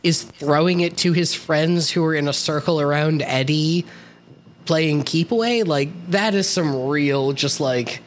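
A podcast co-host recapping a TV episode in a relaxed, wry, casual chat. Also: medium pitch, measured pace, a little hiss or hum.

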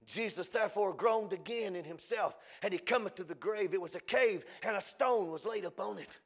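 This man preaches a fiery revival sermon in a creaky voice, swinging from shouting to quiet, low, stretched-out phrasing.

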